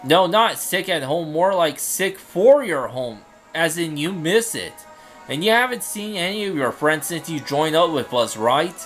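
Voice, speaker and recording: A brash young samurai retainer, voiced by a man in a fantasy game fan dub. He is loud, blunt and boastful, with a slightly high voice, and faint music plays behind him. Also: animated, measured pace. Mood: encouraging.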